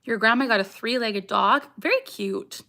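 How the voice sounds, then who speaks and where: A woman's voice: a little high, moderate pace, pushed and bright. A young woman from Canada hosting a casual livestream, chatting with viewers and reading out comments, with vocal tics breaking into her speech. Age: young adult. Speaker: livestream host.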